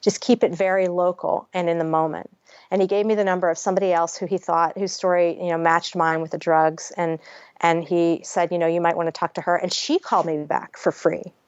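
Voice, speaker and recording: A woman's voice: on the low side, flat delivery, a little fast, clear, resonant tone, dry recording. A woman guest author telling her personal story frankly in a podcast interview, chatty and peppered with swearing. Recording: dry, slightly dull audio.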